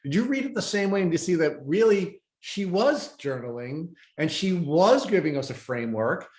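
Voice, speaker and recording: A man's voice: sits high, animated, moderate pace, darkish tone. A man hosting a podcast interview, asking a long, thoughtful question with some hesitation. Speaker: podcast host. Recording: roomy echo.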